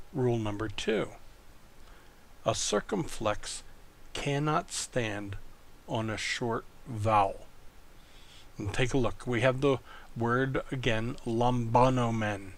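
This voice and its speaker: A man giving a recorded lecture as a language teacher, explaining rules step by step and checking in with the listener. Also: mid-range voice. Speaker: Greek teacher.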